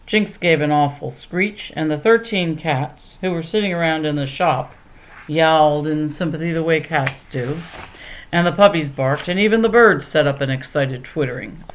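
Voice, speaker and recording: A woman narrating a children's storybook in a calm, measured way. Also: deep voice, a little hiss or hum, poor audio. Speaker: audiobook narrator.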